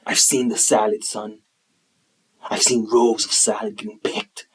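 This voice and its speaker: A man putting on a slow, low, grim voice for a stoic ex-soldier father. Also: steady tone, fairly bright tone, husky. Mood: solemn. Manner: slow, low, solemn delivery.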